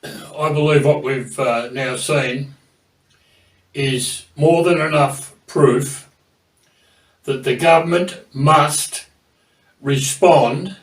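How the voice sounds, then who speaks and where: A man presenting at a public meeting, speaking haltingly with many hesitations and restarts. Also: on the high side. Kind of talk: public talk. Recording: distant mic in echoey hall.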